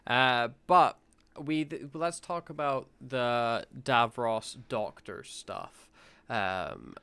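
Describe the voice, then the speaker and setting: Picture a man with a smooth, resonant voice recorded close and dry, talking through a review in easy podcast chat. He is relaxed and unpolished, swearing freely and leaning on fillers as he thinks aloud. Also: medium pitch, very slow, no echo. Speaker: podcast co-host.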